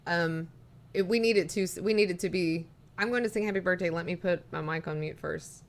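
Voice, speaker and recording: A woman's voice: on the low side, brisk. A woman live streaming, chatting casually and rambling, reading viewer messages aloud as she talks.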